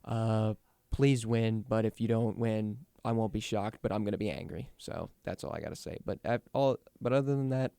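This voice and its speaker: A man's voice: fairly low pitch, normal speed, vocal fry, mellow, clean tone, no echo. A young man hosting his own sports talk show, ranting about his team with frustration and plenty of restarts. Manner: frustrated, rambling, many restarts. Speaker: sports podcast host. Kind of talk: casual fan commentary.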